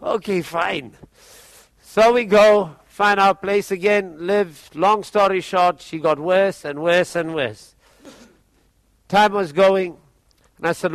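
High-voiced man telling his testimony. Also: steady tone, normal speed, a bit bright, no echo. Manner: chuckles often while telling a grave story; acts out quoted people in his own voice. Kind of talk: personal testimony storytelling.

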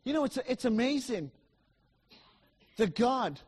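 A middle-aged man preaching a sermon in a church, emphatic and repetitive, swinging between loud declarations and soft asides. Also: very high voice, very animated, a little slow, slightly rough.

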